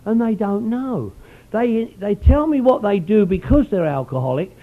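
Middle-aged guy at a recovery meeting, rambly and folksy, fairly high voice, dull lo-fi recording. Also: lively intonation, normal speed. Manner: rambling, folksy, peppers speech with "you know". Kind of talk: personal storytelling talk.

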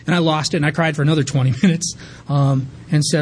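A man in his thirties tells his sobriety story at a rapid clip, candid and rambling, full of fillers and restarts. His voice sits a little high for a man. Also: fairly even intonation, darkish tone, slightly rough. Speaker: recovery meeting speaker. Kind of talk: personal recovery story.

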